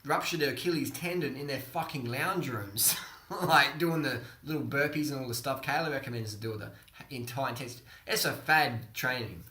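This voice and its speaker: Blunt, swearing man with bright voice. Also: medium pitch, fairly quick. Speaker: vlog co-host. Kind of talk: casual chat. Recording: echoey room.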